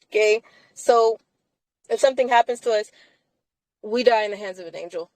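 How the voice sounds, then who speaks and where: A woman's voice: medium pitch, normal speed, pauses often, a little mellow, dry recording, poor audio. A woman hosting a casual live chat from inside a car, talking emphatically and laughing often between phrases.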